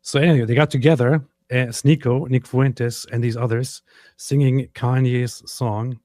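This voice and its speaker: A man's voice: medium pitch, steady tone, moderate pace, mellow, no echo, studio quality. A man co-hosting a casual reaction show, talking in an emphatic, sarcastic way. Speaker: co-host.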